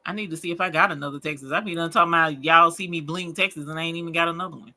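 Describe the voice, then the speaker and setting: Woman, crafting livestream host; very bright, sharp tone; casual, rambling, folksy banter. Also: fairly low pitch, racing. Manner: chatty and rambling, laughs often, folksy slang. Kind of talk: casual late-night livestream chat.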